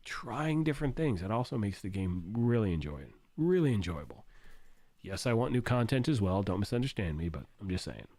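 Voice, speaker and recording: A man hosting a gaming livestream, hoarse and losing his voice, rambling and thinking out loud while reading chat. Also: lowish voice, sing-song, brisk, no room sound.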